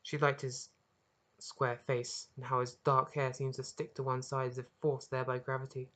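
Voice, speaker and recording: An author reading their own story aloud as narration, earnest and expressive, with occasional small restarts. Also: mid-range voice, normal speed. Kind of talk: audiobook narration.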